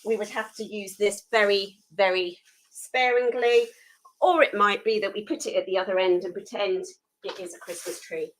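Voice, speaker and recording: A woman's voice: medium pitch, fairly even intonation, moderate pace, a little hiss or hum, rough recording. A woman hosting a live food photography tutorial, chatty and self-deprecating while she works hands-on.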